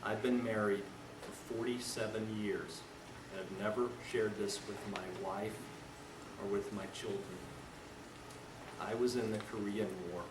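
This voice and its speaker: Older male juror, solemn and hushed, as a lecturer acts him out, taped from the back of an echoey room. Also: fairly low pitch, steady tone, unhurried, pitched below the performer's own voice, natural voice. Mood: solemn confession. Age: 70s. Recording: roomy hall, distant mic, noisy.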